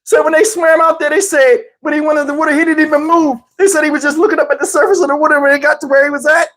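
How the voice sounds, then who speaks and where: A man from New Jersey tells a family story off the cuff. He chuckles as he goes, rambles and restarts his sentences, and keeps the telling loose and animated. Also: very high voice, rapid-fire, poor audio. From Camden, New Jersey, US. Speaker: channel host. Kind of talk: casual storytelling.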